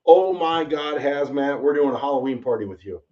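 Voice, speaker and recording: An excitable man hosts a rambling bourbon tasting, talking at an ordinary pitch. He is heard from a little away from the mic, and the sound is dull and lo-fi. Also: normal speed. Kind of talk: casual livestream tasting chat. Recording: slightly distant, dull lo-fi mic.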